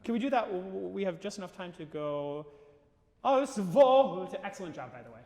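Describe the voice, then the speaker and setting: A man coaching a singer in a live masterclass, casual and animated, breaking into sung phrases to show what he means. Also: high-pitched, fairly quick. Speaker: voice teacher leading a masterclass. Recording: roomy hall reverb.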